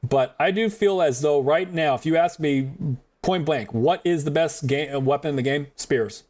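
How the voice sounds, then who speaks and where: A man streams a video game with casual commentary, his voice fairly high and darkish at a moderate pace. He jokes, swears, and rambles, laughing often.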